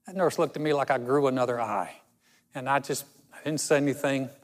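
A man preaching a sermon, telling stories in a conversational way and slowing down for emphasis. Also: medium pitch. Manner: storytelling, conversational with dramatic slow emphasis. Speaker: pastor. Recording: long hall reverb.

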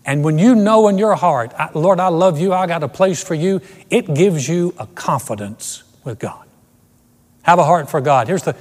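A man's voice: sits high, big-room sound. A middle-aged man preaching a sermon as pastor, earnest and emphatic, often restarting his phrases. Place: empty church auditorium.

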